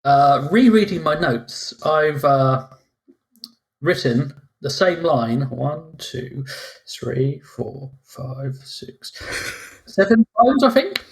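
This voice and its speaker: A man's voice: mid-range voice, sing-song, slow, gravelly. Exasperated man ranting in a casual review. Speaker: podcast co-host.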